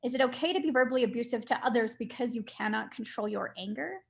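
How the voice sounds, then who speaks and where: A woman co-hosting a webinar over a video call, reading audience questions aloud in a measured way. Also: on the high side, vocal fry.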